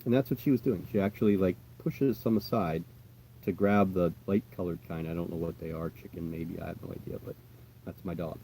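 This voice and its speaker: A low-pitched American man chats loosely with his livestream audience about his tarantulas. His tone is dark and mellow, and he rambles and reassures. His voice often drops off to a mutter. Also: steady tone, brisk, slight background noise. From United States. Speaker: tarantula keeper answering live chat. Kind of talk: casual livestream chat.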